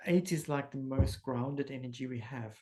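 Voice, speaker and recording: A man leading a group healing session, giving calm, slow, instructive guidance. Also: medium pitch.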